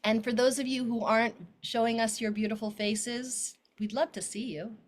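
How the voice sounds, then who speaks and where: A woman hosting a video call meeting, gently encouraging people to share and keep it short. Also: a little high, fairly even intonation, moderate pace. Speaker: meeting host.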